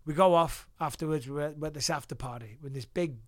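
Speaking quickly in a fairly high voice, this Englishman is a podcast guest who swaps profane, lively anecdotes in a relaxed storytelling interview. The sound is clean studio quality, free of echo.

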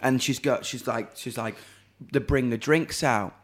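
A young British man with a middle-range voice tells a rambling, comic story among friends. He swears often and slips into little voices for the people he quotes. It comes across as animated, off-the-cuff chat. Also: mid-range voice, a little slow. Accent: British English. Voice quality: animated, swears freely, acts out dialogue. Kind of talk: casual chat, telling a funny anecdote.

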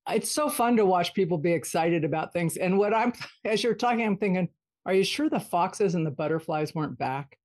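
A woman's voice: lowish voice, lively intonation, a little fast, darkish tone. A woman hosting a casual conversation, responding with enthusiasm to her guest. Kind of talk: casual chat.

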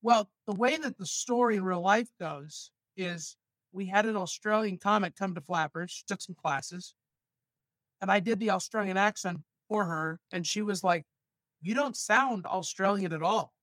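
A male stand-up comedian from Los Angeles, telling stories with animated asides in a casual podcast chat. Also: sits high, moderate pace, no echo. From San Fernando Valley, Los Angeles.

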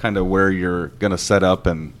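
Low-voiced man asking questions. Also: fairly even intonation, normal speed. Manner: asks questions, short agreeing replies. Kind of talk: casual podcast chat.

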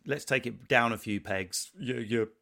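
A man hosting a casual chat, playful and teasing, with quick jokes. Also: medium pitch, creaky, sharp tone. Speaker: host.

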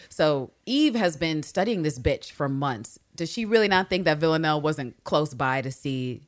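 Low-voiced, profane woman podcaster. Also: fairly quick, hardly any pauses. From New York City. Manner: profane, animated, acts out characters' lines. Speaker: podcast co-host. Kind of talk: casual recap chat.

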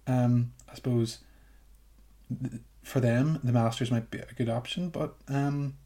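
A young man, co-hosting a casual podcast, talking hesitantly with many pauses. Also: medium pitch, steady tone, warm tone. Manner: hesitant, many ums and restarts. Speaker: podcast co-host.

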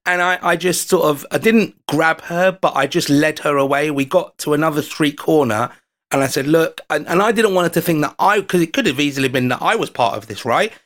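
A man with an English accent telling a story on a podcast, his voice sitting a bit high for a man. He talks in an animated way and acts out what he said in the moment, with restarts along the way. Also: a little fast. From London, England. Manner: animated anecdote telling, acting out his own quoted lines. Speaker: podcast guest. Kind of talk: casual storytelling chat.

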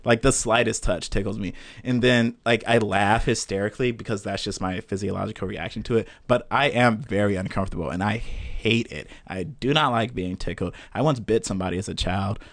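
A young man chatting as a podcast guest, animated and joking, laughing often. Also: on the low side, a little fast, hardly any pauses, no echo. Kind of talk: casual interview chat.

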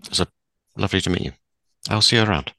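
A man's voice: low voice, fast, creaky, bright, forceful tone, dry recording, heavily acted. A man playing a polite, formal older woman who once served in the navy, in a tabletop game. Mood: courteous. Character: older woman, retired naval servicewoman.

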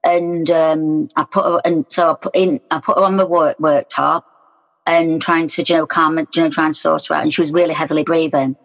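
A woman's voice: low-pitched, flat delivery, fairly quick. Woman with a reverberant, muffled sound. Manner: frank, plain-spoken, retells scenes in quoted speech. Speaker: interview guest. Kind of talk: personal account in conversation. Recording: dull sound with long room reverb.

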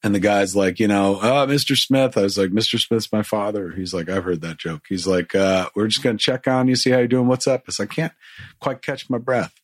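A man with a fairly low, husky voice tells a long, rambling story, swearing freely and slipping into the voices of the people he quotes. The sound is dry and close to the mic. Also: fairly quick, no echo. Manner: profane, rambling, acts out quotes. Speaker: guest telling a story. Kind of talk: casual storytelling.

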